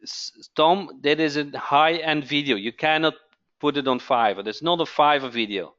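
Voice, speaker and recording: A man hosting a live webinar sales pitch, who keeps asking "okay?" and repeats his phrases. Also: moderate pace, fairly bright tone, lo-fi sound. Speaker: webinar host.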